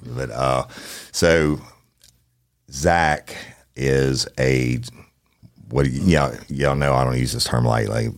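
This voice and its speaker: A man hosting a true-crime podcast from a studio, talking in a folksy, plain-spoken way with drawn-out phrasing. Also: extremely low pitch, steady tone, no echo. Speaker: podcast host.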